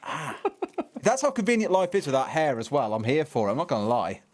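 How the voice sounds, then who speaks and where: A man's voice: on the high side, sing-song, a little fast, darkish tone. A man casting an esports match, jokey and bantering. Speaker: esports caster. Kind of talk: esports pre-match commentary.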